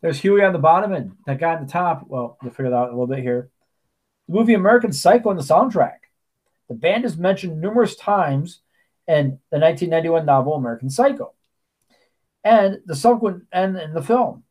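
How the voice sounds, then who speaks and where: A man's voice: a little high, lively intonation, fairly quick, a little mellow. A man co-hosting a podcast, talking casually and telling stories with plenty of asides and restarts. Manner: chatty storyteller, many restarts and asides. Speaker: podcast co-host. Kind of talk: casual chat.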